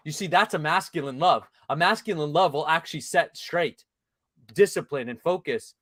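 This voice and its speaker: Hosting a casual podcast conversation as a men's coach, a man speaks bluntly with punchy, emphatic delivery and swears often. His voice sits on the high side and is a bit bright, at normal speed, in a dry, studio-quality recording.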